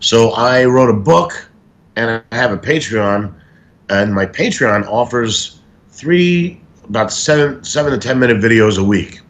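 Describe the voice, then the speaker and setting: A stand-up comedian guest telling showbiz stories in a casual interview, animated and acting things out as he talks. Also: mid-range voice, measured pace. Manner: animated, acts out stories and quotes.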